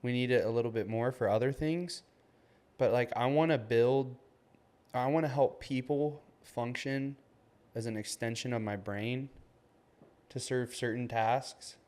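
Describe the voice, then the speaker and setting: A man's voice: medium pitch, unhurried, darkish tone. A man in his twenties co-hosting a podcast, chatting casually and loosely, with lots of "like" and "man". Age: 20s. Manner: loose and rambling, heavy on "like" and "man". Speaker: podcast co-host. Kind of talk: casual chat.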